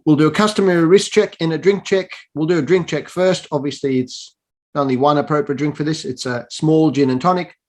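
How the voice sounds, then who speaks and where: A man's voice: fairly high pitch, fairly even intonation, brisk, darkish tone. Brief: male awards host, playful and self-mocking, dry wit, remote video setup. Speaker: awards presenter. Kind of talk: tongue-in-cheek awards hosting.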